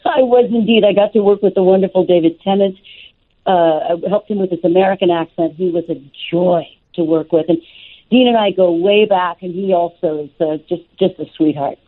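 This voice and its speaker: A woman, a voice actor and dialect coach, talking as an interview guest in a lively, expressive and playful way. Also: on the low side, a little fast. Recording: tinny phone-line audio.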